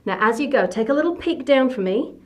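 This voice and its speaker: A woman's voice: high-pitched, lively intonation, brisk. A woman leading a workout as fitness instructor, giving short encouraging coaching cues.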